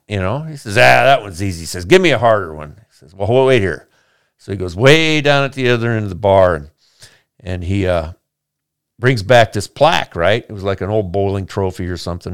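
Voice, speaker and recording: A man's voice: on the low side, clean tone, dry recording, studio quality. A man telling a long joke in a casual, rambling way, acting out the characters' lines. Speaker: podcast host telling a joke.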